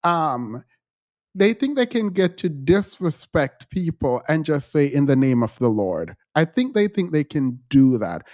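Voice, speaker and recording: A man's voice: a little high, sing-song, measured pace, darkish tone, no echo. Exasperated man ranting into a dry mic. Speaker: commentary host. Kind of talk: casual online commentary.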